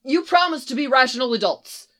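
A woman voicing a brash young man who teases his friends and chants loudly. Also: high-pitched, lively intonation, brisk, pitched above the performer's own voice. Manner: teasing, loud chanting.

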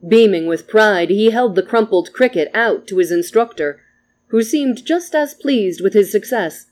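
A reader narrating a story with an even, gentle delivery. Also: mid-range voice, measured pace.

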